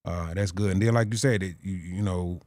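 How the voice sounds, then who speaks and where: A man's voice: deep voice, steady tone, brisk, darkish tone, dry recording. A man hosting a casual podcast chat, agreeing often and backing up his guests. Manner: agreeable, constant affirmations. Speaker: podcast host.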